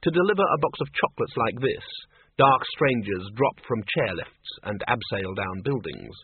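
Man narrating a storybook, wry and expressive, lively pitch, tinny phone-like sound. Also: normal speed, breathy edge, no room sound. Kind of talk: audiobook narration. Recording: dry, tinny phone-like audiobook.

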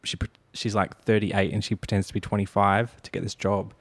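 Relaxed low-voiced man hosting a podcast. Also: a little fast, no room sound. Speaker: podcast host. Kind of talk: casual chat.

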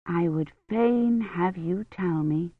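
An audiobook narrator voicing a gentle young medieval mother who speaks in a soft, soothing way. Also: mid-range voice, a little slow, no echo. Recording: dull, lo-fi dry recording.

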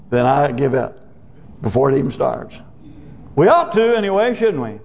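High gravelly preacher, lo-fi sermon tape. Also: male voice, expressive, normal speed. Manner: reads scripture in old wording, then explains it in plain talk, rising to emphatic peaks. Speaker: pastor. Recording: dull lo-fi sermon recording.

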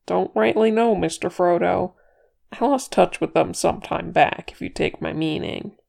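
A woman's voice: lowish voice, a little slow, creaky, darkish tone. A woman doing a wry, humble hobbit man. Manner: wry, homely, polite. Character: humble, loyal male hobbit gardener.

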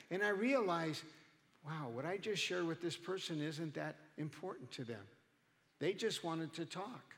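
High-voiced male pastor, lively sermon. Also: long reverb tail. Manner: conversational preaching, acts out quoted people. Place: church.

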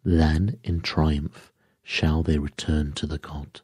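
Man, narrator, sleep story, measured, very low pitch, husky. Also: level tone, a little mellow, dry recording, studio quality. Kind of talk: scripted sleep-story reading.

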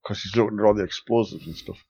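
A man's voice: on the low side, quick pace, vocal fry, darkish tone, a little hiss or hum. A man playing a tabletop game, musing aloud about what to do. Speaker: player. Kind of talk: casual chat at a game table.

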